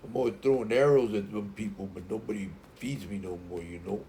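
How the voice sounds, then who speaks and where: A man voicing a neglected male dog who grumbles in a low voice that he is always hungry. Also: fairly even intonation, creaky, dark tone, a little hiss or hum. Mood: grumbling. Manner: low grumbling complaint, drawn-out "you know".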